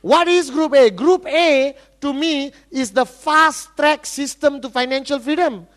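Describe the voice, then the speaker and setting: A man with a high-pitched voice works up a seminar crowd. He drives his points home with repeated questions to the room and a rousing, animated delivery. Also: unhurried. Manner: rousing, repeatedly quizzing the audience. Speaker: motivational speaker. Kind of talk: sales seminar talk.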